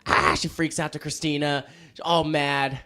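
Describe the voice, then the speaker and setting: A man's voice: on the high side, level tone, normal speed, a bit bright. A young man and band frontman telling rambling, self-mocking stories in casual chat, laughing often. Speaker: podcast guest, band frontman.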